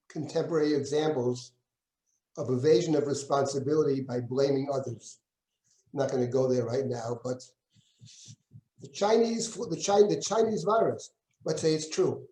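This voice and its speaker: A man teaching a Bible class as a rabbi, reading verses aloud, translating them and acting out the speakers. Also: dark tone. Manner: reads Hebrew verses aloud, then translates and comments; acts out quoted speakers with shifts in pitch. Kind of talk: lecture with close text reading. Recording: echoey room.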